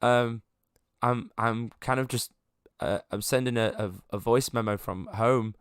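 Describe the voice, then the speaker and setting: A man voicing a flustered, anxious middle-aged scientist who stammers nervously and rushes to offer help. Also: mid-range voice, steady tone, smooth, dry recording, studio quality, natural voice.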